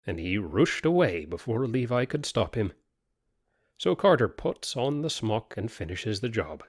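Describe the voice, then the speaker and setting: A man's voice: medium pitch, dry recording, studio quality. A man narrating a story aloud in a folksy, rustic dialect. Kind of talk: storytelling reading.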